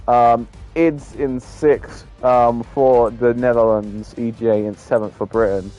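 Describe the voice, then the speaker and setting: A man's voice: mid-range voice, fairly even intonation, takes it slowly, few pauses, warm tone, highs cut off, soft background music. A man giving casual live commentary on a sim race, with lots of filler ums and a loose, chatty way of talking.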